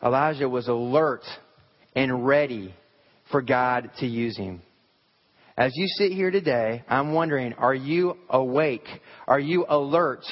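A man's voice: medium pitch, a little slow. A man preaching a sermon in a church, talking conversationally and asking the congregation rhetorical questions. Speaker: pastor. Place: church sanctuary. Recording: hall reverb, dull lo-fi sound.

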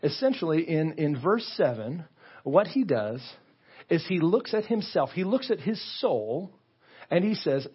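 A man preaching in a church with a fairly high, husky voice. He talks earnestly and conversationally and often restarts his phrases. The recording is a bit dull and lo-fi. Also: big pitch swings, measured pace. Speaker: pastor. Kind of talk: sermon. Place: church sanctuary.

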